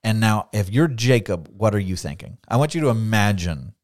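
A middle-aged man co-hosting a casual Bible study podcast, animated and laughing often as he acts out the voices of the people in the story. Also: lowish voice, moderate pace. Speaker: podcast co-host.

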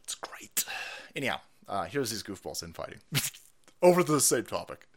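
A foul-mouthed male streamer rants in sarcastic commentary over news clips, his pitch swinging widely from low mutters to high mocking peaks. He laughs often between jabs. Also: big pitch swings, normal speed, noisy background.

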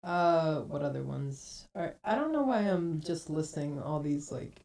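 A woman's voice: low voice, expressive, unhurried, vocal fry, mellow, far from the mic. A woman in her twenties co-hosting a podcast, telling a rambling story full of fillers. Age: 20s. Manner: rambling storytelling, many likes. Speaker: podcast co-host. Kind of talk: casual chat.

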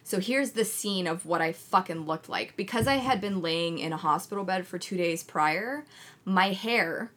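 A young woman chatting casually as a podcast co-host, telling a blunt, heavily sworn, animated story. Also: on the low side, moderate pace. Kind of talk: casual chat.

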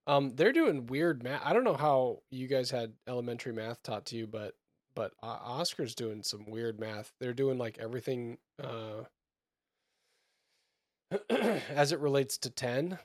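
A man in his thirties co-hosting a podcast, chatting casually in a rambling, halting way with many fillers. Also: medium pitch, no echo, clean studio sound. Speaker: podcast co-host. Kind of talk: casual chat.

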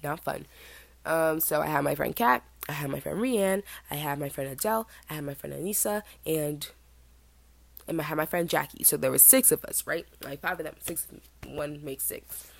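A woman's voice: normal speed, gravelly, no echo. Chatty young woman telling stories. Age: 20s. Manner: chatty, animated, mimics other people in high voices. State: feeling sick, burping. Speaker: podcast host. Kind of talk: casual storytelling monologue.

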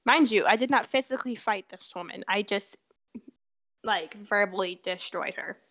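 A woman's voice: mid-range voice, moderate pace, fairly bright tone. A teenage girl co-hosting a podcast, telling a story in casual chat, laughing often and swearing freely. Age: teens. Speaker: podcast co-host.

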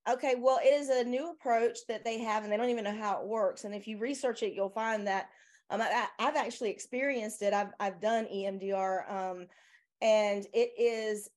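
A woman's voice: mid-range voice, steady tone, normal speed, darkish tone. A woman with a Southern US accent, a guest chatting casually in an interview, rambling with many fillers and restarts. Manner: laughs often. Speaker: guest, software owner.

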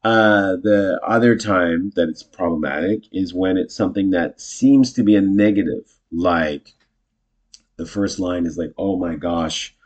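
A man casually teaching improv, chatty and self-correcting, jumping into animated example lines. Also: low voice, unhurried.

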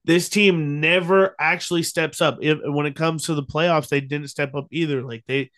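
A man's voice: on the high side, steady tone, normal speed, a bit bright. A young man co-hosting a podcast, chatting casually about baseball with easygoing ums and restarts. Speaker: podcast co-host. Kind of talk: casual sports chat.

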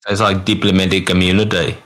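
A low-voiced man hosting a casual podcast chat. He jokes around, swears freely and slips into playful accent impressions as he talks. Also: flat delivery, fast talker, fairly bright tone. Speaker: podcast host.

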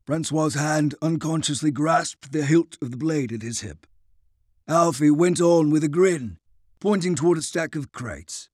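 A man narrating an audiobook chapter in an expressive storytelling voice. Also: a little high, unhurried, dry recording, clean studio sound. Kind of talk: scripted narration.

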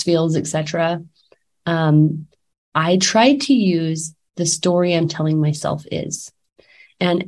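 A woman's voice: fairly low pitch, darkish tone. A woman in her thirties, a life coach, talking candidly and casually with many fillers and restarts, a little sick. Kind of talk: casual talk to camera.

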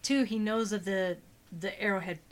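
A woman's voice: medium pitch, fairly even intonation, moderate pace. A woman co-hosting a podcast, casually discussing a novel and explaining why the characters act as they do. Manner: chatty, explains characters' motives. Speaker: podcast co-host.

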